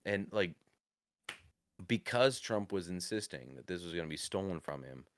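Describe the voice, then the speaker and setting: Deep-voiced, profane ranting man. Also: animated, moderate pace, dry recording, studio quality. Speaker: podcast co-host. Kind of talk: casual political chat.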